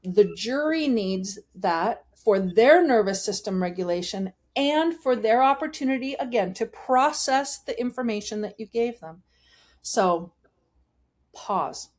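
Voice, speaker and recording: A woman vocal coach, a guest in an interview, explaining voice technique in an animated way and demonstrating it as she talks. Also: on the high side, a little slow.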